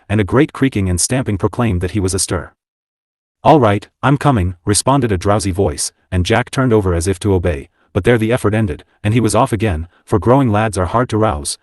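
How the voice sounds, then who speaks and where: A man narrating a classic novel as an audiobook, in even, unhurried storytelling. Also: lowish voice, no echo, studio quality.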